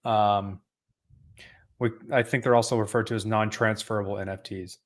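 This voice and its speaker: A man's voice: fairly low pitch, steady tone, moderate pace. A man co-hosting a casual podcast roundtable, dropping dry, wry remarks. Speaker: podcast co-host.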